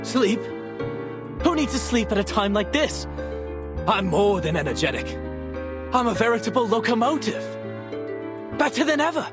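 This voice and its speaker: An actor playing an overexcited, sleepless young civil servant with theatrical bursts of energy in a game. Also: male voice, on the high side, music in the background. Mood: excited. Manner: excitable, theatrical, fast-talking bursts. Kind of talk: game voice acting.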